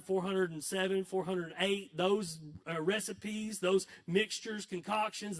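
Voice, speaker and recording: A male pastor delivers a sermon in a high-pitched voice. He preaches conversationally and mixes in self-mocking stories. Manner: conversational, self-deprecating storytelling.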